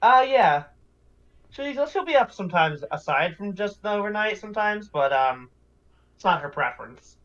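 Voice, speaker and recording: A game master in a casual tabletop game, talking haltingly with many filler sounds. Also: mid-range voice, expressive, fairly bright tone, highs cut off.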